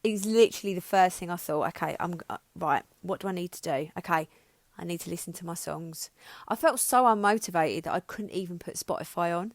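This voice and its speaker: A woman's voice: on the low side, no room sound. A woman in her thirties hosting a podcast, speaking frankly and emotionally about her own life, with frequent restarts and some swearing. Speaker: podcast host. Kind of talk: candid personal monologue.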